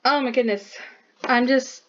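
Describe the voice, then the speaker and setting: A woman's voice: high-pitched, fairly even intonation, a little slow, highs cut off. A woman artist chatting casually while showing her sketchbook drawing, bubbly and full of "like" fillers.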